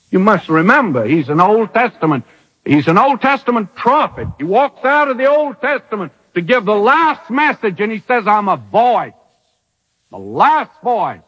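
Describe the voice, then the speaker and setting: A man preaching a sermon with emphatic rhetorical questions and dramatic pauses, from an old radio broadcast. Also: high voice, fairly bright tone, big-room sound.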